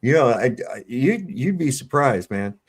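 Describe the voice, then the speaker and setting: A man's voice: mid-range voice, big pitch swings, a little slow, husky. A man chatting casually on a panel, blunt and swearing freely as he tells a story.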